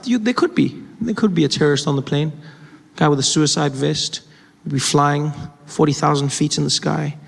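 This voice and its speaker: A man's voice: fairly high pitch, normal speed, creaky, breathy edge. A man performing stand-up comedy, telling stories in a conversational way with self-correcting asides. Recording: live stage mic in a reverberant hall with a noisy crowd.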